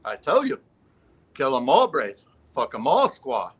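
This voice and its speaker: A man doing a loud bragging warrior. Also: wildly swooping pitch, measured pace, husky, full character voice. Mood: boastful. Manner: loud, bragging, high-pitched shouts. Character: boastful brash warrior man.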